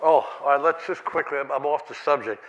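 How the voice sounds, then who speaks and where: A man's voice: on the high side, a little fast, a bit bright, highs cut off. Chuckling older man telling stories. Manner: rambling, chuckling, many restarts and fillers. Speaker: keynote speaker. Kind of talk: lecture with anecdotes. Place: conference lecture hall.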